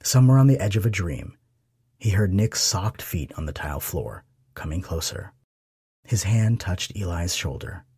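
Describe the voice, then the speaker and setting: A man narrating an audiobook romance in a soft, intimate reading. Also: low voice, lively intonation, normal speed, breathy edge, no echo, studio quality. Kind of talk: scripted narration.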